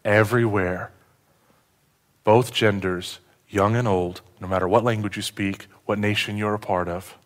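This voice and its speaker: A man preaching as a pastor uses a lowish voice and a slightly slow pace. He asks the congregation questions, moving between excited, loud statements and hushed, sincere ones.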